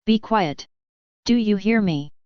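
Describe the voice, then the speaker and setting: A woman's voice: lowish voice, measured pace, smooth, dry recording, close to an everyday voice. Young wizard, cocky and commanding; woman reader, dry close sound. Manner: commanding, coaxing. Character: cocky young male wizard who tames monsters. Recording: dry, slightly dull lo-fi.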